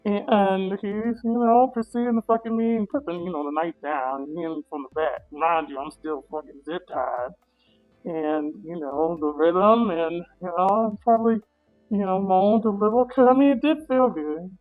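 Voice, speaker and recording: A woman guest telling a story in casual talk, animated and profane, acting out her own reactions. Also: mid-range voice, normal speed, phone-quality sound, soft background music. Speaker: interview guest.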